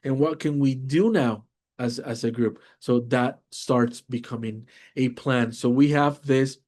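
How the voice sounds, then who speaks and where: Man with a Latin American Spanish accent presenting a webinar for teachers, slow and mid-pitched, checks in with "right?" again and again. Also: fairly even intonation, darkish tone. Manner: slow, repeats "all right?" and "right?" often, many fillers. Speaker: teacher trainer.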